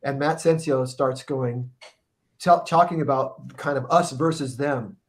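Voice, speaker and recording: A man's voice: medium pitch, measured pace. A middle-aged man telling a long, profane story in a casual podcast chat, rambling and restarting his sentences often. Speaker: guest musician telling a tour story.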